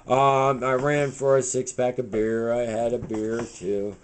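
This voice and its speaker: A man's voice: medium pitch, flat delivery, a little slow, slight background noise, low-quality recording. A man hosting a home cooking show, rambling casually to the camera as he cooks. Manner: loose, talks to camera with fillers like "man" and "right". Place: home kitchen.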